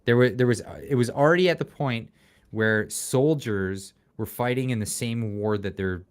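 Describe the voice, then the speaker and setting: A man hosting a casual livestream chat, talking in an animated, sarcastic way and laughing often. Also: mid-range voice, moderate pace, clean tone. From Canada. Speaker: show host.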